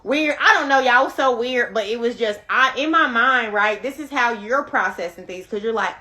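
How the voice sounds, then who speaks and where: Young woman, live-stream host, bright and emphatic, swears a lot, talks straight to viewers. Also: a little high, moderate pace, few pauses. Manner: emphatic, profane, addresses viewers directly. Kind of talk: casual storytelling to viewers.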